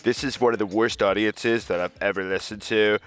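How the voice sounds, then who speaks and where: A man putting on a blustering older politician who calls in to brag and insult everyone. The voice sits a bit lower than usual and drawls. The recording is dry and close. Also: fairly even intonation, a little fast, a bit bright, smooth, no room sound, lightly acted. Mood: boastful.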